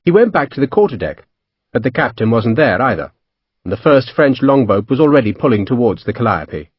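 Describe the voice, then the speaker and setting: A man narrating an audiobook in an expressive storytelling manner. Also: medium pitch, brisk, breathy edge, no room sound, dull audio. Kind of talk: scripted narration.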